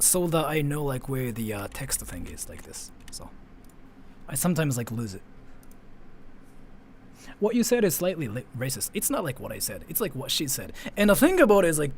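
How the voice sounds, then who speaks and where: A man's voice: a little high, big pitch swings, a little fast, slight background noise. A young man whose first language is Japanese, chatting casually on a live stream and answering his chat, with a rambling manner that leans hard on "like" and lets phrase ends fade. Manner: rambling, heavy use of "like", trails off quietly at phrase ends.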